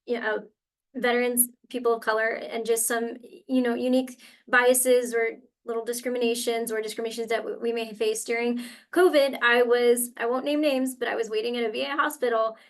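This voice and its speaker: A young adult woman on a webinar panel, sharing a heartfelt personal story in an animated way with lots of filler words. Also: on the high side, brisk. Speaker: webinar panelist from a university career center.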